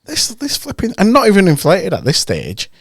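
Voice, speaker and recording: This podcast co-host has a high, gravelly voice and a moderate pace, captured in a dry recording with clean studio sound. Chatting casually, he tells a story with animation and acts out the people he quotes.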